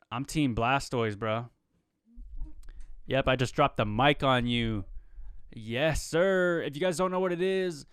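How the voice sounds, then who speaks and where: A man's voice: medium pitch, fairly bright tone, smooth, no room sound, clean studio sound. A young man hosting a solo comedy podcast, rambling through joking tangents in a laid-back, slangy way. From Pacific Northwest, USA.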